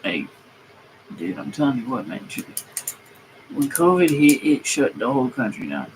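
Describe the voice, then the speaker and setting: A man's voice: medium pitch, sing-song, moderate pace, slight background noise, rough recording. A man streaming a comedic rant, griping heatedly and swearing freely as he goes. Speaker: streamer and mechanic. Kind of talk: comedic ranting monologue.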